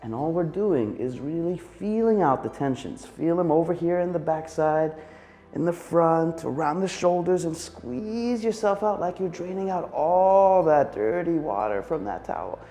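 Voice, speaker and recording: A man leading a guided body exercise session, calmly coaching listeners through stretches and breathing with audible sighs. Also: a little high, unhurried, faint music behind. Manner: calm, encouraging, coaching through movements with sighs. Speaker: exercise instructor.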